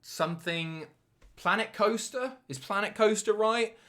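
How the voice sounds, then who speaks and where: A young man with a Southern English accent, high-pitched and fairly bright in tone, chats casually while reading donation messages on a live stream. He swears freely, cracks jokes and makes fast asides.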